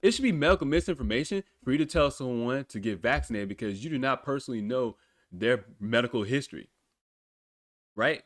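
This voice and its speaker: A man's voice: mid-range voice, animated, fairly quick, no echo, clean studio sound. A man hosting a podcast in a casual, blunt way, swearing freely and laughing often as he talks. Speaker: podcast host. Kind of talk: casual talk.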